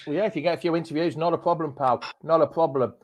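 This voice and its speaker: A man's voice: fairly high pitch, fairly even intonation, quick pace. A man hosting a casual live fan chat show, with matey banter. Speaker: host.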